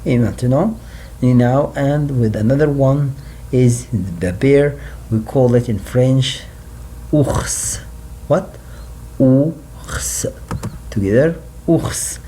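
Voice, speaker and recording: Man teaching french, slow and dark-toned, repeats words, faint hiss behind. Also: mid-range voice. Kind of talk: classroom language lesson.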